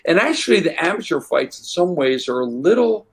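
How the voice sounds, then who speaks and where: An older man, a guest on an interview, telling rambling stories in a relaxed way and acting out the voices of people in them. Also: fairly high pitch, a little fast, creaky, breathy edge. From United States. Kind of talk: relaxed anecdotal storytelling.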